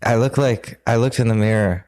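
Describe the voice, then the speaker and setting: A man's voice: mid-range voice, a little mellow. A male podcast host chatting casually, with a middling voice. He rambles and stops often, dropping swear words as he goes. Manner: rambling, halting, profane. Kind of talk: casual comedic chat.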